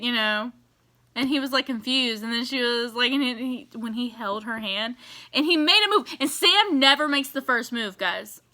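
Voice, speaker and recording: A woman giving casual, animated reaction commentary on a TV episode, exasperated and swearing as she rants. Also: a little high. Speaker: TV reaction vlogger.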